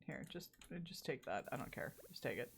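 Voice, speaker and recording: A woman livestreaming a farming game, talking to herself and chat in a loose, rambling way. Her pitch jumps around a lot as she grows exasperated and swears at the game, then drifts off into asides. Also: expressive, fairly quick, creaky, background noise. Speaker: streamer. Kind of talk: casual gameplay chat.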